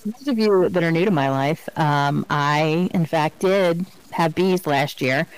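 A woman co-hosting a podcast, chatting casually and telling animated, funny stories. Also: sits low, a little slow, clear, resonant tone, low-quality recording. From Virginia, US. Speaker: podcast co-host. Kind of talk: casual chat.

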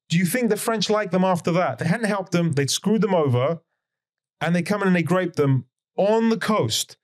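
A man appears as a podcast guest, explaining history with emphasis and firing off one rhetorical question after another. His voice sits high and sounds animated, and he talks fairly quickly in this conversational lecture.

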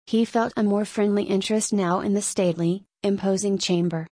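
Woman, audiobook narrator, measured storytelling, dry close sound. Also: mid-range voice, fairly even intonation, mellow, dry recording.

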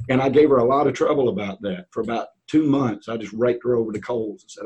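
A man, a real estate auctioneer, telling a rambling, animated story as a guest on a podcast. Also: mid-range voice, fast talker, few pauses, slightly rough, rough recording. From north of Atlanta, US. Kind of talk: casual storytelling in a podcast interview.

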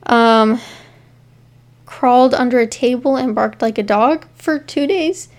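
A woman's voice: fairly high pitch, unhurried. A woman co-hosting a casual podcast, reading case notes with asides and frequent ums. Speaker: podcast co-host. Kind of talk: casual true-crime podcast chat.

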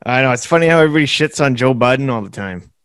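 A man's voice: mid-range voice, lively intonation, racing, fairly bright tone, smooth. A Canadian man hosting a podcast, chatting in a laid-back way with a Canadian accent. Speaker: podcast host. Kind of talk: casual podcast interview.

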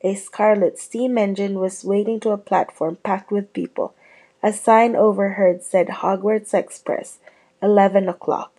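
A woman reading a chapter of a novel aloud in a steady storytelling manner, with small slips and restarts. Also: mid-range voice, measured pace. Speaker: reader.

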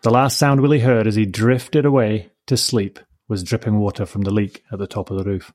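Man reading a storybook, measured. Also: fairly low pitch, fairly even intonation, darkish tone. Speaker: narrator. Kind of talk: storybook narration.

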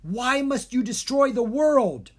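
A reader putting on an earnest young boy in a storybook, a little raised in pitch. He sounds thoughtful and worried. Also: expressive, takes it slowly.

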